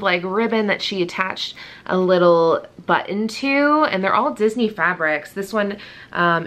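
A woman's voice: fairly low pitch, fairly bright tone. A young adult woman chatting casually in a vlog as she shows off gifts one by one, gushing and chatty, with frequent fillers. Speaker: vlogger. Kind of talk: casual show-and-tell vlog.

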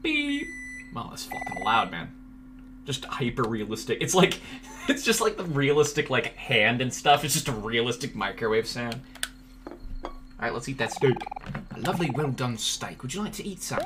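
A man doing let's-play commentary, goofing around and yelping at the screen, with a steady hiss of noise under his voice. His pitch sits in a middle range for a man. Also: moderate pace. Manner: joking, jumpy reactions, talks to chat. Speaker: streamer.

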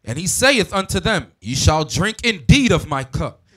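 High-voiced man reading scripture. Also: very animated, fairly bright tone. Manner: measured, deliberate reading. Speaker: scripture reader. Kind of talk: reading Bible verses aloud.

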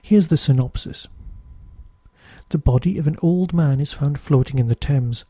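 A Newcastle man with a Geordie accent hosts a podcast, delivering a review as a chatty, wry monologue that wanders off on tangents. His voice is fairly high, warm and a little breathy, at a moderate pace, recorded dry with studio quality.

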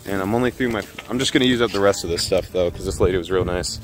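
Over music, a young man's low-pitched voice rushes through a casual vlog recorded outside and from his car. He's rambling and profane, regularly making himself the butt of the joke.

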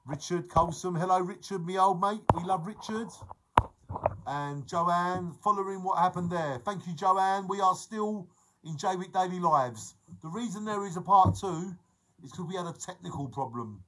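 A man's voice: high voice, moderate pace, very noisy. A man, chatting casually and jokily on his live stream and greeting viewers by name. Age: 40s. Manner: chatty, jokey, reads out viewer names.

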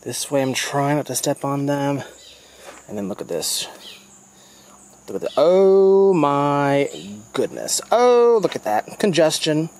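A young man from the United States chatting excitably to his viewers while walking a rainforest trail at dusk, filmed on a handheld phone. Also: fairly high pitch, slow pace, a little hiss or hum. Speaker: vlogger. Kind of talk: casual vlog walk-and-talk.

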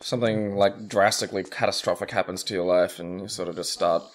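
A man's voice: sits low, steady tone, brisk, slight background noise. A man playing a game and chatting casually, rambling and full of "like" fillers. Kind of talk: casual chat over gameplay.

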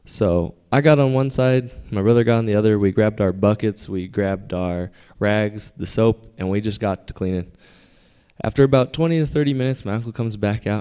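Mellow-voiced young man telling a story. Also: lowish voice, smooth. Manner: conversational, building to punchlines with pauses. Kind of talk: live personal storytelling. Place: theater stage.

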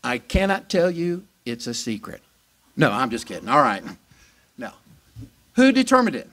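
A male pastor preaching a sermon in an animated, emphatic way, questioning and answering his congregation. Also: on the high side, normal speed. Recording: voice distant from the mic.

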